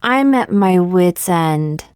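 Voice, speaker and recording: A woman reading short example sentences one by one for English learners, in a slow, deliberate, evenly paced way. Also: on the low side, animated, a little mellow, clear, resonant tone, dry recording, studio quality. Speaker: English teacher.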